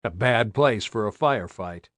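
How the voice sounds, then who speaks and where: A man's voice: on the low side, lively intonation, moderate pace, fairly bright tone, dry recording, studio quality. A man reading an audiobook aloud with tense, dramatic narration. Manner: tense, dramatic, varied delivery.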